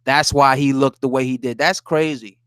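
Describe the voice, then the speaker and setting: His mid-range voice is steady, clear and resonant with a fairly bright tone, moving at a moderate pace in studio quality with no room sound. He's casually live streaming about boxing, reading chat comments aloud, answering them, swearing, laughing and indignant.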